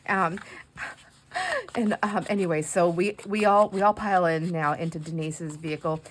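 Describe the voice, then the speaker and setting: A woman's voice: lowish voice, sing-song, moderate pace, a little hiss or hum. A middle-aged woman chatting casually while crafting, telling rambling stories full of fillers and laughs. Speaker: craft vlogger.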